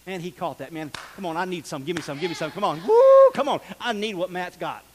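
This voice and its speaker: Male pastor with a high voice, folksy animated sermon delivery, recorded in a reverberant church hall. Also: quick pace, a little hiss or hum. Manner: folksy, animated preaching with shouts and laughs.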